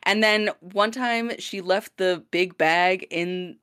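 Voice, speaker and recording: A young woman with a fairly low voice tells a story on a casual podcast. She is lively, acts out the people she quotes and laughs often. Her voice is close and dry, with no room sound around it. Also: slow, clean tone, no room sound. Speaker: podcast co-host.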